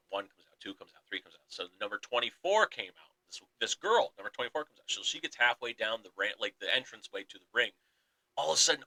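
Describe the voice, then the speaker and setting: A young man co-hosting a sports podcast, excitedly retelling a wrestling story in casual chat and acting out the quotes. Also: a little high, low-quality recording. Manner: excited storytelling, acts out quotes, laughs often. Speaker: podcast co-host.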